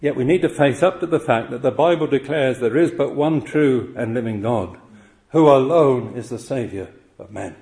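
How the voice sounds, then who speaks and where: A man delivers a sermon in an earnest, emphatic way, leaning on rhetorical questions to drive each point home. His voice sits at an ordinary, mid-range pitch for a man. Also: normal speed, a little mellow. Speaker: preacher.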